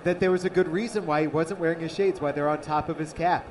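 A man's voice: a little high, fairly even intonation, fast, recorded from a distance, background noise. A man doing color commentary on a baseball radio broadcast, chatty and teasing his partner.

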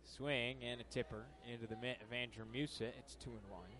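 A young man from upstate New York calls a baseball game from the booth, his voice rising sharply with each pitch before easing back into relaxed chat. His pitch sits in a middle range. The delivery is brisk and practiced. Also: noisy background. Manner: calls pitches with bursts of energy, chatty between plays. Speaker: play-by-play announcer. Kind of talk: baseball play-by-play commentary. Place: broadcast booth at a ballpark.

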